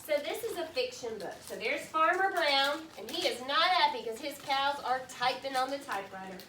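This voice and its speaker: A woman teacher reading a picture book aloud to her class, patiently pausing to ask questions and explain words in simple terms. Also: high-pitched, animated, sharp tone, soft background music. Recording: echoey classroom from far off.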